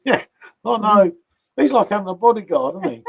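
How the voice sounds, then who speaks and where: A man's voice: high-pitched, very animated, brisk, gravelly, slightly rough. A man hosting a casual live stream from his home, chatty, and he keeps tagging questions onto what he says. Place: home sitting room.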